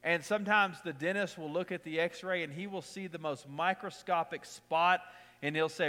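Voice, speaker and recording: High-voiced pastor preaching in a reverberant hall. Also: male voice, pushed and bright. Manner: conversational preaching with repeated lines and quick personal stories. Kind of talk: sermon.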